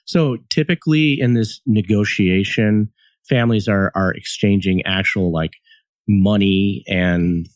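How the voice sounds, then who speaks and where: A man hosting a podcast interview, asking calm questions to clarify what the guest means. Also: fairly low pitch, a little slow, no echo. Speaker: podcast host, couples therapist.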